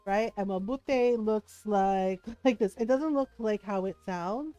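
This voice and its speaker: A woman's voice: a little high, normal speed, few pauses, a little mellow, no echo, soft background music. A woman game streamer chatting casually, telling a story with frequent giggles. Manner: giggly storytelling, laughs often. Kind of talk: casual chat while streaming.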